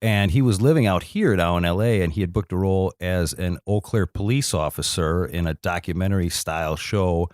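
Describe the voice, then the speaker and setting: A middle-aged man from Wisconsin with a Wisconsin accent, chatting casually as a podcast guest in a slow, deep drawl. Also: a little mellow, dry recording, studio quality. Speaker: actor, guest.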